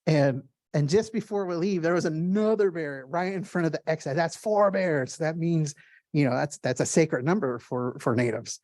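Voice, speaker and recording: A man giving a casual gallery art talk, telling stories in excited, quick bursts with lots of fillers and restarts. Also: on the high side, no echo, studio quality. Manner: animated storyteller with many fillers and restarts.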